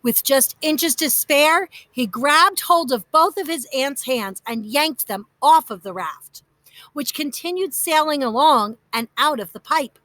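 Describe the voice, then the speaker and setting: A woman narrating a children's storybook in a lively, expressive way. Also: high voice, measured pace, dry recording.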